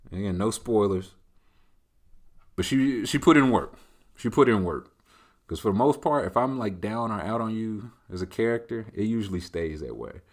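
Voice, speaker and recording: A man hosting a casual solo chat, answering listener questions in a loose, rambling way. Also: on the low side. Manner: loose, rambling, conversational, leaning on filler tags. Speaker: host.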